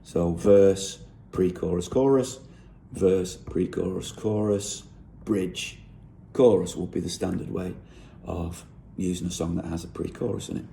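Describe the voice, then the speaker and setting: A songwriter explaining how he wrote a song lyric. He thinks aloud in an unhurried way and often corrects himself. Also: sits low, fairly even intonation, gravelly, mellow, a little hiss or hum.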